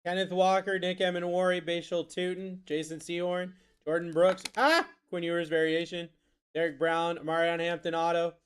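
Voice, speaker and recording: A man's voice: fairly high pitch, completely flat delivery, normal speed, smooth. A man hosting a live card break stream, reading out player names and answering chat. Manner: rattles off player names, reads chat aloud.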